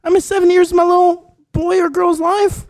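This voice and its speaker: A man's voice: very high voice, flat delivery. A man co-hosting a podcast in casual chat, teasing his friend and laughing often. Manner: teasing, laughs often, quick bursts when worked up. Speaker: podcast co-host.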